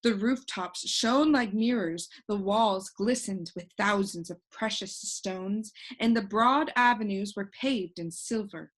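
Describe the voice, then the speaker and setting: A woman narrating a children's storybook in a clear, even, gently paced reading. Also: medium pitch, slow pace, hardly any pauses. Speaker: audiobook reader.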